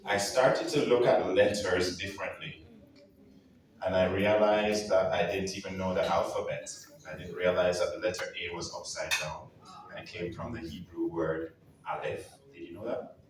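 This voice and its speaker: A man from Jamaica with a Jamaican accent, telling playful, emphatic stories in a lively speech to a live audience. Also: low voice, moderate pace, slight background noise. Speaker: guest speaker at an anniversary event. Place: large event hall. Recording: echoey hall, far from the mic. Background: piano playing.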